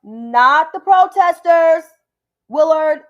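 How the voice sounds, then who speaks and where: A woman with a high voice hosts a political commentary livestream. She talks in a combative, profane rant and keeps repeating names to drive her point home. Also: animated, slow pace, fairly bright tone, muffled recording.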